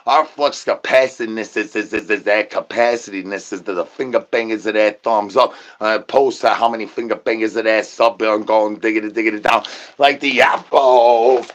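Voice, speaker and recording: A man's voice: on the low side, steady tone, normal speed. A man ranting an absurd comedy monologue full of rhyming nonsense slang and stuttered repeated words. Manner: shouts out catchphrases. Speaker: comedy channel host. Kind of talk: absurd improvised comedy rant.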